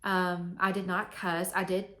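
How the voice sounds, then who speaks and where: A woman's voice: lowish voice, little pitch movement, unhurried, fairly bright tone. A young woman vlogging to camera, telling a personal story in a chatty, candid way with many fillers.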